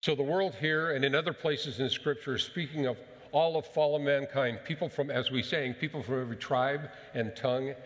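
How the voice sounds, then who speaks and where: A male pastor preaches a sermon at medium pitch in a steady tone, his voice trailing into a long reverb. His delivery is emphatic and measured, and he poses rhetorical questions to the congregation.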